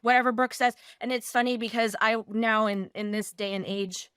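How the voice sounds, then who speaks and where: Woman in her 30s hosting a podcast, bit high voice, smooth and crisp, gushes a lot. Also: normal speed, dry recording, studio quality. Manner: gushing, animated storyteller. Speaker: podcast co-host. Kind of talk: casual podcast chat.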